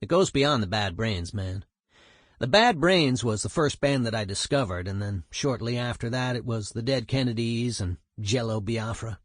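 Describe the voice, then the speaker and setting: A man's voice: medium pitch, lively intonation, normal speed, no room sound, studio quality, lightly acted. A man voicing a streetwise male punk musician, telling a story in a profane, emphatic way. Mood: animated.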